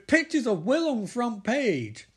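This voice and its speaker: A man recapping a TV episode with sarcastic, sweary, excitable commentary. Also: very high-pitched, takes it slowly. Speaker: comedic TV recapper.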